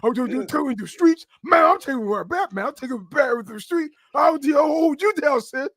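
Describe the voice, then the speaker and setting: A man's voice: very high voice, lively intonation, a little fast, fairly bright tone, dry recording, voice pushed up. A man doing an impression of a brash, street-talking male pro wrestler, boastful and rowdy. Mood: swaggering.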